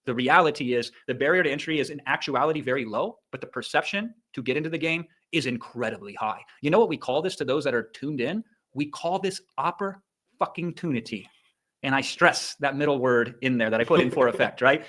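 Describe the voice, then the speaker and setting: A middle-aged Iowa man works as an online business coach, delivering an energetic motivational livestream. He's emphatic and punchy, tossing in profanity and sound effects, with a medium-pitched voice that moves quickly and rarely pauses.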